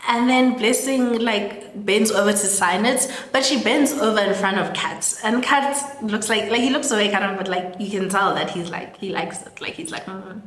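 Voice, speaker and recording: A woman's voice: mid-range voice, normal speed, few pauses, a bit bright, slight background noise. Chatty young South African woman, echoey room. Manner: chatty, full of "like" and laughing asides. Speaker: storytelling host. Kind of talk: casual film recap. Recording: roomy echo with long reverb.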